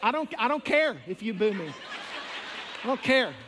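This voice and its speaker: A man's voice: very high voice, expressive, moderate pace, crowd noise, noisy background. A man preaching an impassioned sermon as a pastor, with storytelling and conversational asides. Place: church sanctuary. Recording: long church hall reverb.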